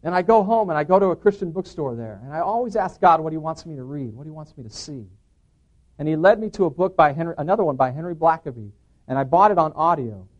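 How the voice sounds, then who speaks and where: A man's voice: fairly high pitch, expressive, fast, highs cut off. A middle-aged man telling a personal testimony to an audience as an earnest storyteller who acts out the dialogue he quotes. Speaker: preacher giving a personal testimony.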